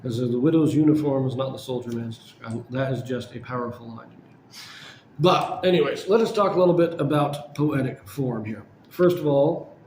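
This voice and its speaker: A man's voice: medium pitch, darkish tone, a little hiss or hum. Man casually explaining poetry in an echoey room. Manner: explanatory, with frequent fillers and self-corrections. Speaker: poetry channel host.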